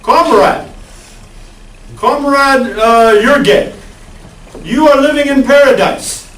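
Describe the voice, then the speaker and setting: A man's voice: very high voice, slow, fairly bright tone, voice pushed up, exaggerated voice. A man voicing a boasting male Soviet official with an exaggerated mock Russian accent. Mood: boastful. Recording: echoey classroom, far from the mic.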